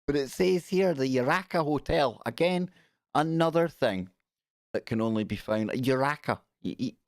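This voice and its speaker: A man's voice: medium pitch, moderate pace, dry recording, studio quality. A man hosting a casual live stream, chatty and jokey, giggling as he reads out news. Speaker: radio show host.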